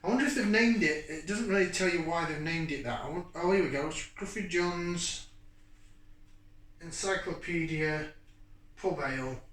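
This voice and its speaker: A man's voice: a little high, moderate pace, a bit bright. A middle-aged man, chatting casually as he reviews a beer to camera, rambling and thinking aloud. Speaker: beer reviewer and channel host. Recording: echoey room, mic at a distance.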